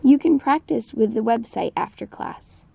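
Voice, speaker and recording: A woman's voice: on the high side, normal speed, creaky, dark tone. A woman teaching a recorded Mandarin lesson, explaining patiently in scripted narration. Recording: dull lo-fi recording.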